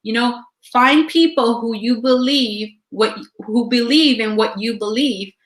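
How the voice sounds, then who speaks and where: A woman's voice: fairly high pitch, unhurried. Upbeat woman co-host in an echoey room. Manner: upbeat, encouraging. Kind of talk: motivational talk.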